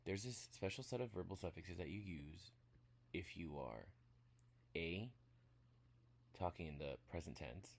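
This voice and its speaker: A man giving a casual spoken language lesson, walking through examples step by step in a relaxed way. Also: sits low, a little hiss or hum. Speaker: language teacher.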